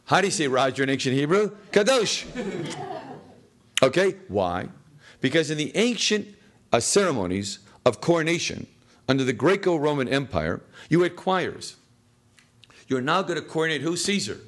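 A man's voice: fairly high pitch, very animated, moderate pace, pauses often. A man teaching a class through a text, constantly posing questions to the room and answering them himself, with jokey asides. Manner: jokey, chuckles at his own lines. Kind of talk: classroom text study lecture. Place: classroom with students.

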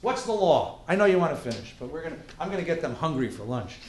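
A man's voice: on the high side, sing-song, fast talker, few pauses. A man giving an interactive class lecture, animatedly quizzing his audience. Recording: roomy lecture hall.

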